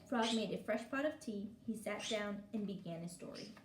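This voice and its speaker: A woman gently reading a children's picture book aloud, in a clear storytelling manner. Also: medium pitch, moderate pace. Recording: echoey room with faint hiss.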